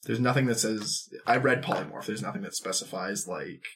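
A player in a tabletop game, speaking in an animated way and sometimes trailing off mid-sentence. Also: mid-range voice, brisk. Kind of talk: casual tabletop game chat.

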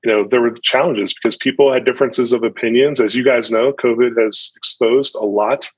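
A man's voice: mid-range voice, fairly even intonation, a little fast, slightly rough, no room sound, rough recording. A man in his thirties, a pastor, talking reflectively in a podcast interview, often restarting his sentences. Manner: reflective, with frequent restarts and fillers.

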